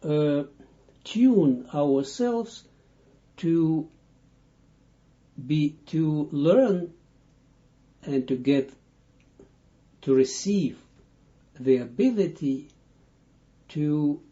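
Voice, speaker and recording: Guy teaching, slow and halting, really dark mellow voice, dull lo-fi audio. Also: on the high side, lively intonation. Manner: halting, searching for words with many restarts. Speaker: Kabbalah teacher. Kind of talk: unscripted audio lesson.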